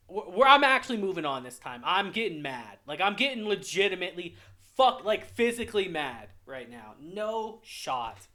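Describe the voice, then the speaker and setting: In a high, bright, forceful voice, a young man hosting an anime review channel delivers a casual reaction rant to a list, heated, exasperated, and full of profanity.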